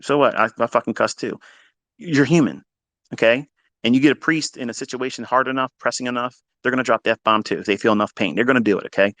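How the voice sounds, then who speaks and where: Brief: man, trading mentor, blunt and foul-mouthed, emphatic repeats, mid-pitched, dry close sound. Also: fast, no room sound. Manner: blunt, heavy swearing, emphatic repetition; swings between loud bursts and low asides. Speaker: trading educator. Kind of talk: profane motivational lecture.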